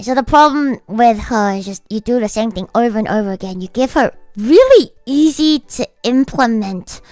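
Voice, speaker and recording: A woman's voice: on the high side, no room sound. A woman streaming, chatting casually in a blunt, profane, ranting way. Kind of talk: casual livestream chat.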